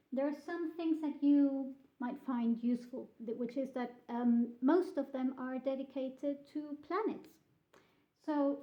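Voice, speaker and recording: A woman teaching a beginner language lesson, slowly modelling pronunciation and repeating words for practice. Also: high voice. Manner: slow, carefully modelled pronunciation with drilled repetition. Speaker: Italian teacher. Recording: echoey, slightly dull room sound.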